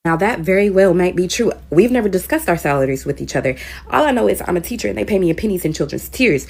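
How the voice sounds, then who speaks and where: Woman spilling a storytime, low voice with lots of fry, blunt and cussing. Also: lively intonation, fast. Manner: candid retelling with frank profanity; grows louder and more heated as she tells it. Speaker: teacher. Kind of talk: casual storytime.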